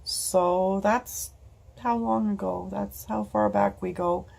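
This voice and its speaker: Casting: woman, 50s, husky dark voice, rambling, heartfelt home vlog. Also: medium pitch, steady tone, slow pace. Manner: rambling, many fillers and restarts, casual swearing. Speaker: vlogger. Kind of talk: emotional personal storytelling.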